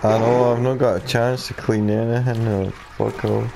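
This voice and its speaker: A man's voice: mid-range voice, level tone, moderate pace, vocal fry, background noise. A man playing an online game with friends, grumbling and swearing about the chaos over a headset. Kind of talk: gaming chat with teammates.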